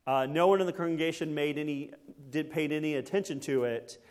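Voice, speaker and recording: A man's voice: on the high side, fairly quick, a little mellow. Folksy preacher man, checking in. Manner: folksy, keeps checking in with tag questions. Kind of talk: conversational sermon.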